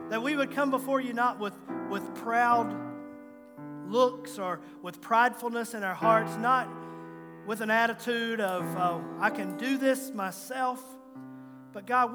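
A male pastor closing a church service with a gentle chorus, then leading a fervent prayer. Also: very high voice. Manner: soft sung-spoken phrases, rising to fervent prayer. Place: church sanctuary. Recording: long church reverb with guitar music.

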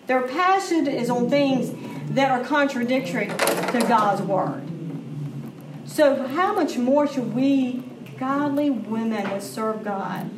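Middle-aged woman, church teacher, earnest chatty delivery, fairly high voice, distant mic, echo and room noise. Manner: earnest, conversational, emphatic. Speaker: women's class teacher.

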